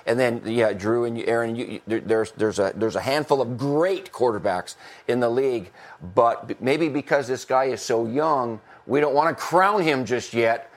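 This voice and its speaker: A man's voice: medium pitch, normal speed. A middle-aged former football coach chatting on a podcast, talkative, laughing often and restarting his sentences. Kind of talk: casual podcast chat.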